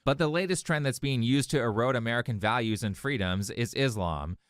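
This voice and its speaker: A man's voice: medium pitch, a little fast, no echo, clean studio sound. A man delivering scripted opinion commentary in a sarcastic, lecturing way. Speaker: video commentator.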